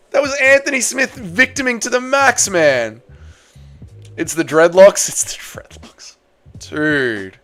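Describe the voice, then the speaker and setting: A young Australian man on a livestream, chatting with viewers, reading their messages, swearing freely and shouting at a fight as it unfolds. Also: fairly high pitch, smooth. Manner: swears freely, reads chat aloud, yells at the fight. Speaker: streamer. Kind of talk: casual livestream chat and fight reaction.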